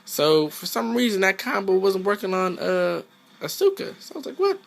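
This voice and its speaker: A man narrating a video game match he played, in quick, slangy, profane trash-talk. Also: high-pitched, lively intonation, gravelly. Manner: quick, loose storytelling. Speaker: gaming channel host. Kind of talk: casual commentary over gameplay.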